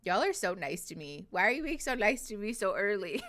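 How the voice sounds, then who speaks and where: A chatty woman hosting a casual livestream, giggling, cursing freely and filling her sentences with "like." She speaks close into a desk microphone in an easy, mid-pitched voice. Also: big pitch swings, fairly quick, a bit bright. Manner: chatty, giggly, swears casually, lots of "like" fillers. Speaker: livestream host. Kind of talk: casual livestream chat with viewers.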